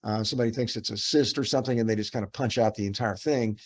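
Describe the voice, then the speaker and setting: A fast-talking middle-aged dermatopathologist with a lowish voice and fairly even intonation goes over cases with a resident. He teaches in a loose, rambling manner, full of fillers and starting over.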